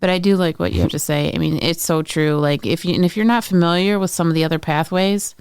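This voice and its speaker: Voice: medium pitch, fast, smooth, dry recording, studio quality. A podcast co-host talking in a supportive, conversational way. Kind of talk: casual chat.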